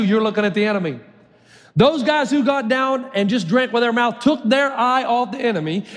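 A man's voice: very high-pitched, long reverb tail. A male pastor preaching a sermon, telling the story with acted voices and emphatic repetition.

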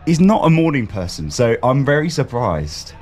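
A man's voice: medium pitch, big pitch swings, normal speed, a little mellow, soft background music. A man, a festival guest chatting on a live radio show, laughing easily and saying um a lot. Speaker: festival guest from a youth ministry. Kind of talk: casual radio chat. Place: outdoor festival radio booth.

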